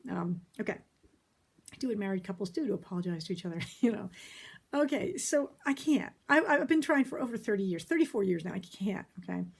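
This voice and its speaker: A middle-aged woman therapist giving a casual, folksy talk about relationships, emphatic and quick to laugh. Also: mid-range voice, animated, gravelly, slightly rough.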